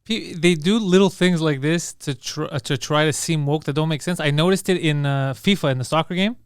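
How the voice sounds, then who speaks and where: A man hosting a podcast in casual chat, with rapid, laughing banter. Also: on the high side, smooth, no echo, studio quality. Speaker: podcast host.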